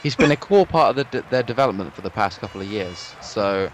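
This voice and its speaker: A young man offers relaxed, analytical colour commentary on a race. His tone is easygoing, with dry jokes. A faint background noise sits under his voice. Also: lowish voice, fast.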